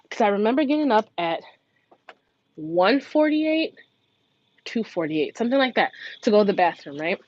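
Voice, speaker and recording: A woman telling a long story about her morning in an animated, chatty way, swearing freely and acting out what others said in a raised voice. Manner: acts out quoted voices in raised pitch. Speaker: budgeting vlogger, mother. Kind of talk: casual storytelling to camera. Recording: dull lo-fi sound with faint noise.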